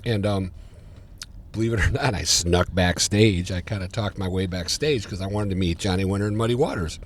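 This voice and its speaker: A man, a podcast guest telling stories in casual chat, getting louder and higher as he relives them. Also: a little fast, slight background noise. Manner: animated, gets louder and higher when retelling. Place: diner.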